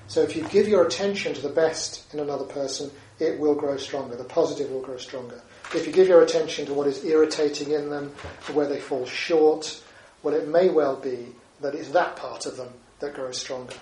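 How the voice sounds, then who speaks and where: Here a male Buddhist teacher speaks fairly quickly in a warm, slightly high voice during a dharma talk. He sounds conversational, often finishing points with "isn't it?"-style tag questions, and the distant recording carries roomy echo, faint ambience, and slight background noise.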